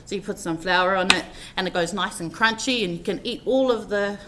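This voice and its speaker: A woman's voice: mid-range voice, fairly quick, noisy background. A woman telling personal stories in a heartfelt, rambling eulogy, with many fillers as she speaks. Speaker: family member giving a tribute at a funeral service.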